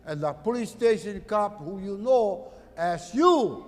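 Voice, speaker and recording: A middle-aged man from Hawaii's Big Island with a Hawaiian Pidgin accent, giving an impassioned activist talk at a conference, swinging from loud to quiet. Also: sits high, animated, unhurried, in a large hall.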